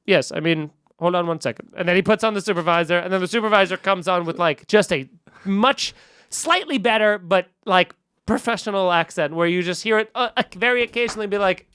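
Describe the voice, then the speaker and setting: A man's voice: high-pitched, fairly quick, clear, resonant tone, dry recording. Guy telling a funny rant on his podcast, lots of laughing, dry close sound. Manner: animated ranting with frequent laughter. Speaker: podcast host and comedian. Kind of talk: comedic storytelling.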